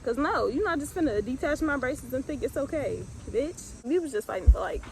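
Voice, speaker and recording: A woman's voice: sits high, lively intonation, brisk, slight background noise, rough recording. A young woman from the US Midwest telling a storytime in a blunt, profane, laid-back way with lots of fillers. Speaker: vlogger. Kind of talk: casual storytime.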